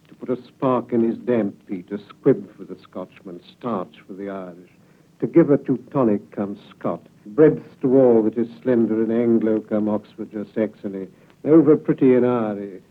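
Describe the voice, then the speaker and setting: Man, poetry recitation, declamatory, booming then trailing off, tinny archival radio sound. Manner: declamatory, swinging between booming lines and low trailing endings. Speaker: poet.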